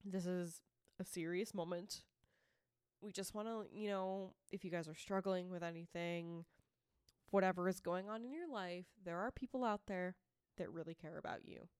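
A woman's voice: lowish voice, fairly even intonation, moderate pace, darkish tone, clean tone, no echo, studio quality. A woman from Massachusetts with a Boston accent, co-hosting a podcast in casual chat, chatty and laughing easily, earnest when the talk turns serious. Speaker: podcast co-host.

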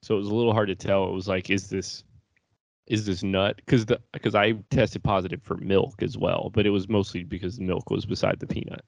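A man's voice: low-pitched, level tone, quick pace, vocal fry, hardly any pauses, a little mellow, no room sound. A young man co-hosting a podcast, chatting casually in a rambling way, laughing often and swearing. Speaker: podcast co-host. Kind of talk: casual chat.

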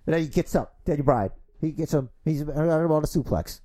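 Energetic foul-mouthed podcast dude, fake wrestling play by play, voice jumps all over the place. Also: male voice, on the high side. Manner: energetic, crude, fast-talking. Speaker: podcast host. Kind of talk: mock wrestling play-by-play and casual chat.

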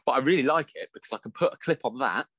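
A man's voice: medium pitch, racing, fairly bright tone, no room sound. A man co-hosting a casual podcast chat, laughing often, swearing freely and slipping into mock voices. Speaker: podcast co-host.

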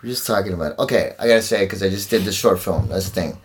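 A man's voice: low voice, rapid-fire, slight background noise. A man, an actor, talking in a casual podcast chat, slangy and profane.

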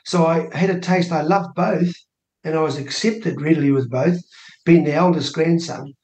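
New Zealand man, animated storyteller. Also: a little high, moderate pace. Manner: acts out quoted dialogue with lively rising voice. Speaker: interview guest, minor party co-leader. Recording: roomy studio echo.

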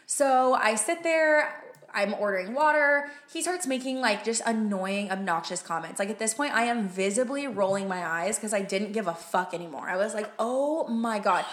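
A woman's voice: medium pitch, normal speed. A young woman in casual chat, telling a story with lots of "like" and casual swearing. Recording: roomy echo.

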